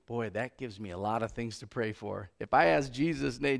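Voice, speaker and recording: A man preaching a sermon in a church, talking conversationally with lots of rhetorical questions and slowing down to stress scripture quotes. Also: medium pitch, gravelly. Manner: slows for emphasis on scripture quotes. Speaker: pastor.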